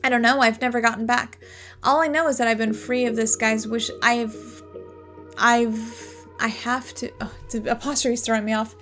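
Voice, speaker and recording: A woman's voice: on the high side, fairly even intonation, normal speed, fairly bright tone, faint music behind, natural voice. A woman voicing a weary genie trapped in a lamp, in a dry, put-upon manner.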